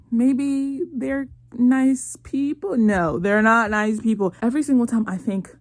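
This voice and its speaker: A woman's voice: on the high side, unhurried, few pauses, no echo. A young woman hosting her own show, animatedly retelling a drama in casual chat with sassy asides. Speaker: host recapping a drama.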